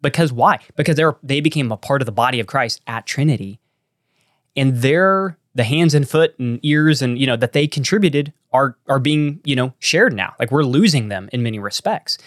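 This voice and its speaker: Earnest Texan pastor, dry close sound. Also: male voice, medium pitch, expressive, normal speed, no echo. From Texas. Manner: earnest, rambling with many restarts and fillers. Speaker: church planting pastor. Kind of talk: casual podcast conversation.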